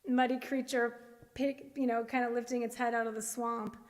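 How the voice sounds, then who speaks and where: A woman's voice: a little high, little pitch movement, moderate pace. A woman musician chatting casually and with a giggle between songs at a live event. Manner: giggly, informal. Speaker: musician and host. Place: live performance venue. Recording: long reverb with music behind.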